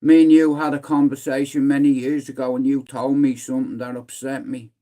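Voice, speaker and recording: This middle-aged Dubliner runs a livestream in a blunt, sweary, rambling style, saying "listen" again and again. His mid-range voice has a dark tone, barely moves in pitch, and comes a little fast as he chats casually.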